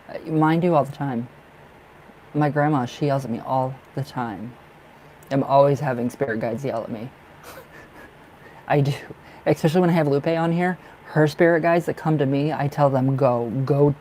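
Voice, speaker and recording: Young male tarot reader, chatty and rambling, warm low tone, light background hum. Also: poor audio. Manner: chatty, rambling, laughs often. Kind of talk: live stream reading.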